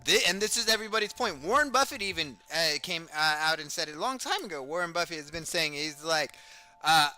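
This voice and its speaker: A man's voice: on the high side, lively intonation, a little fast, sharp tone, faint music behind. A man streaming reaction commentary on clips, blunt and ranting, swearing heavily.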